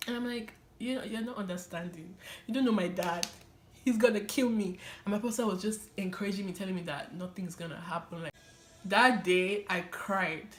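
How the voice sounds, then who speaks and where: Young woman, mid-range pitch, casual animated storyteller, echoey room. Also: moderate pace, soft background music. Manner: animated, laughs often, many fillers. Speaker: vlogger sharing her testimony.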